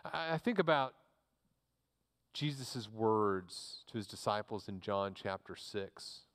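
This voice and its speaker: A man's voice: lowish voice, animated, slow pace, a bit bright, in a large hall. A man, a pastor preaching a sermon in a church, earnest and repeating words as he restarts his phrases.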